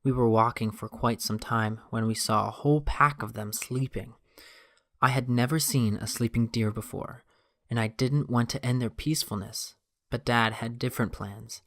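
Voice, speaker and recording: A man reading a quiet, gentle grown man's lines in a subdued, soft tone, with little change from his own voice. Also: medium pitch, steady tone, normal speed, no room sound, studio quality, lightly acted. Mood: reminiscing.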